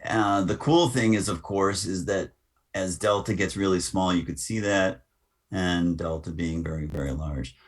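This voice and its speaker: Male instructor, unhurried and low, narrating a software tutorial step by step. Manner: unhurried, talks through each click with asides. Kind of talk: screen-recorded software tutorial.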